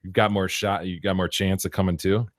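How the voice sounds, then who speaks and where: A man co-hosting a podcast, trading quick jokes and comebacks in casual banter. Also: sits low, flat delivery, dry recording, studio quality. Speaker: podcast co-host.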